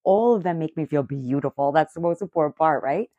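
A middle-aged woman vlogging in casual chat, excitable, profane and rambling. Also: low voice, fairly quick, no room sound, muffled recording.

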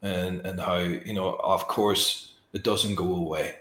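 A male host, speaking slowly and softly as he reflects emotionally on what his guest shared. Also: sits low, fairly even intonation, reverberant, a little hiss or hum. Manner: slow, soft and emotionally reflective. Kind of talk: reflective interview talk.

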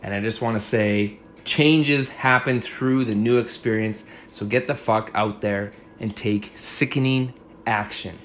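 A man's voice: lowish voice, steady tone, measured pace, a bit bright, a little hiss or hum. A man hosting a casual podcast, giving blunt, profane relationship advice in a frank, chatty way. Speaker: podcast host. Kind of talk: casual chat.

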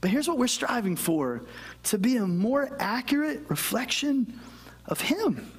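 High-voiced, lively man preaching. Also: measured pace, slightly rough. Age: middle-aged. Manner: animated storytelling with self-deprecating humor. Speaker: pastor. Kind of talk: sermon.

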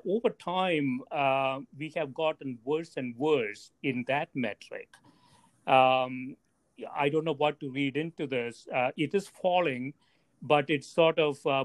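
A man's voice: medium pitch, no room sound. A man interviewing a guest, conversational with frequent fillers. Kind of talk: interview questions.

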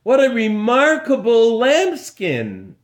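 A man's voice: high-pitched, sing-song, slow pace, pitched above the performer's own voice, heavily acted. A man voicing a teasing noble guest at a party in a spoken story. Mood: amazed. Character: mocking male noble guest.

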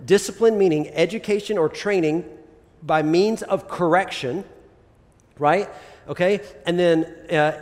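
A man delivering a relaxed, conversational sermon, his voice sitting a little higher than most men's. He keeps tagging his points with quick "right?" and "okay?" checks to the room. The sound hangs in the long reverb of a big church sanctuary. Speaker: pastor. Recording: long reverb of a large hall.

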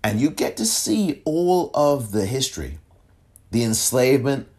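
A man hosting a political podcast, talking solo in an emphatic, animated way and often breaking off and restarting. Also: medium pitch, a little slow. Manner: animated, emphatic, self-interrupting. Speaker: podcast host.

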